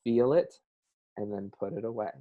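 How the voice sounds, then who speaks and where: Man, Southern accent, earnest, expressive, interview guest, video call. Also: fairly low pitch, normal speed, narrow, tinny audio. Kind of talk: emotional personal interview.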